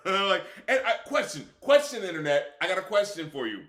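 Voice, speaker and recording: A bright-voiced man chats loosely on a live stream, swearing freely and breaking into laughter. His voice sits a little high and carries a forceful edge, with a roomy echo around it. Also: fast. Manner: profane, laughing, animated. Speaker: music critic streamer. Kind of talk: casual live-stream chat. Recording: echoey room.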